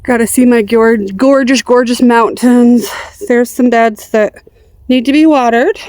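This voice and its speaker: A middle-aged woman with a fairly high voice chats her way through an outdoor garden. She talks to her dogs and plants along the way, her voice going in and out. The sound is dry and close. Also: unhurried, darkish tone, no echo. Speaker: gardening vlogger. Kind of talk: casual garden walkthrough.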